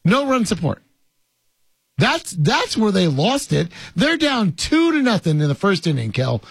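A man's voice: sits high, huge pitch swings, normal speed, gravelly, breathy edge, no room sound. Man talking sports, dry sound. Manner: conversational, many fillers, emphatic repetition. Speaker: sports talk host. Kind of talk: casual sports radio chat.

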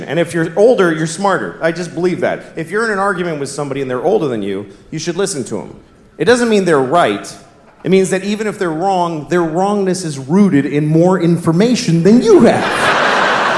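A man's voice: a little high, sing-song, normal speed. A man doing a stand-up routine in a large theater, musing and teasing the audience. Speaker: stand-up comedian. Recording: echoey theater with crowd noise.

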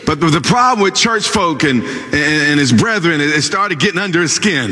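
High, lively preacher in a reverberant hall. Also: male voice, moderate pace, hardly any pauses. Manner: impassioned, dramatic preaching with sudden swells and drops. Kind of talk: sermon.

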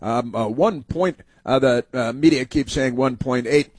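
A man's voice: mid-range voice, a little slow, darkish tone, dry recording. A man hosting a political talk radio show, rambling through long monologues full of "uh" fillers and sarcastic asides. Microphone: studio microphone.

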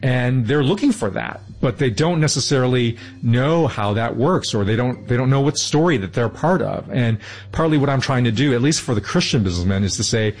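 A man's voice: medium pitch, expressive, brisk. A man being interviewed, explaining his ideas earnestly and thoughtfully, often restarting mid-sentence. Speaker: interview guest.

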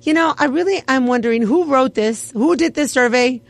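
A woman's voice: sits high, moderate pace, creaky, no echo. A woman radio host chatting casually, laughing and playfully acting offended. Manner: animated, laughing, mock-offended. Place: radio studio. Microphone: studio mic.

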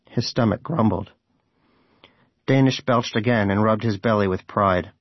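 A man's voice: fairly low pitch, normal speed, dry recording, dull audio. A man narrating a story in audiobook style, with a dry, wry storytelling manner.

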